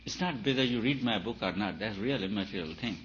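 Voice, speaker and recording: A spiritual teacher, a man, speaks emphatically and poses rhetorical questions. His voice swings between loud and soft. The recording is dull and lo-fi, with a faint hiss under it. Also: lowish voice, animated, fast. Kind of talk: spiritual talk.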